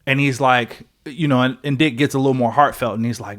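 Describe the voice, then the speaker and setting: A young man with an ordinary mid-range voice chats on a podcast. He rambles through a story excitedly, stacking fillers and the odd swear word, like a buddy catching a friend up. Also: medium pitch, a little fast. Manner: excited, rambling retelling with many fillers and profanity. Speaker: podcast co-host. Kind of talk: casual podcast chat.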